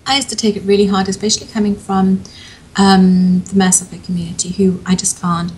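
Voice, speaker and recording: A woman's voice: mid-range voice, level tone, brisk, a little mellow, breathy edge, poor audio. A woman co-hosting a podcast, chatting candidly and openly in a casual way. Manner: chatty, candid, frequent laughter.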